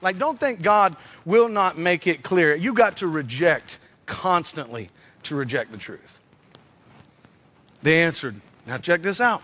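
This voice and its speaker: Pastor guy, high bright voice, preaching loud and acting stuff out with sound effects. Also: a little slow. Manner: animated, acts out scenes with shouts and sound effects. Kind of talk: energetic sermon storytelling.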